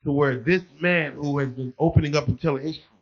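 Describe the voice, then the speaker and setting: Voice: mid-range voice, fast talker. A podcast host in a casual interview, enthusiastic and affirming toward the guest. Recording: muffled lo-fi sound.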